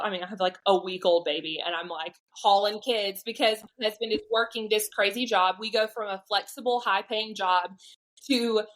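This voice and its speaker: Southern woman telling a lively story. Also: mid-range voice, poor audio. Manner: animated, acts out quoted voices. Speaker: podcast guest. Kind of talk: storytelling testimony.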